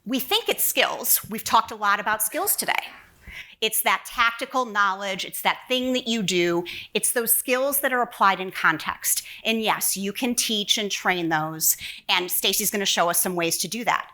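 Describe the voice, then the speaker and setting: Bright, earnest woman presenting a keynote. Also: mid-range voice, normal speed. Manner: earnest, rhetorical questions to the audience. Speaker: conference speaker. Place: conference stage.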